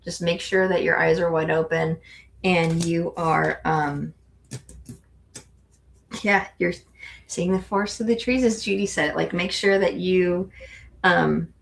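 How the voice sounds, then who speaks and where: A woman's voice: on the low side, steady tone, slow pace, vocal fry, pauses often, a little hiss or hum. A woman giving a casual tarot reading on a live stream, hesitant and searching for words, with ums and restarts. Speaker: tarot reader, guest co-host.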